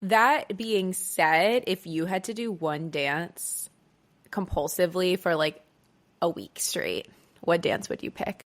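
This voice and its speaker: Woman cohost, chatty and jokey, says like constantly, lower voice. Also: slow pace. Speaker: podcast co-host. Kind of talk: casual history podcast chat.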